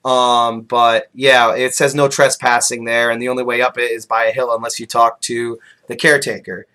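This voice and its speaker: A man's voice: mid-range voice, level tone, normal speed, sharp tone. A man speaking as a guest in casual podcast chat, modest and hesitant, with many ums and uhs.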